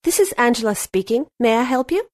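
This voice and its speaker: A woman's voice: a little high, lively intonation, fairly quick, a little mellow, dry recording. A woman voicing a polite businesswoman on a phone call in scripted lesson dialogue. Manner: polite, careful phone manner.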